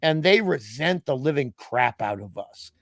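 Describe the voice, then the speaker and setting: A man from Australia co-hosting a casual comedic podcast chat, excitable and jokey, laughing often. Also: medium pitch, unhurried, dry recording. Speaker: podcast co-host.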